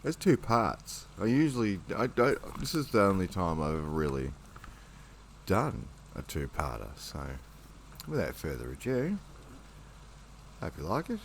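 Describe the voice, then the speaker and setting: Deep-voiced man, calm and rambling. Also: a little slow, pauses often, a little hiss or hum. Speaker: channel host reading his poetry. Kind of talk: relaxed late-night monologue. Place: at home at night.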